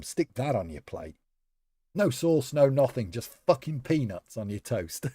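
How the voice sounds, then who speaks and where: A man's voice: medium pitch, warm tone, no echo. A man live-streaming a game, chatting in a rambling way and talking to viewers by name. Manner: rambling, chatty, talks to chat members by name. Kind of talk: casual live-stream chat while playing.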